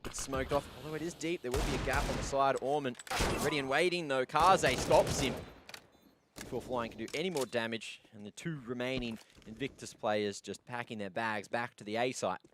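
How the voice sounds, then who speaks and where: Guy calling shooter game action live, excited, bit of noise behind. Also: mid-range voice, fairly quick. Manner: excitable play-by-play. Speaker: esports caster. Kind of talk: play-by-play commentary.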